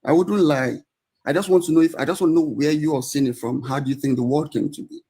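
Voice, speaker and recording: A man's voice: a little high, fast talker, mellow, husky. A man calling into a live audio-room debate, arguing and pleading, often restarting and repeating himself. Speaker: caller in a debate.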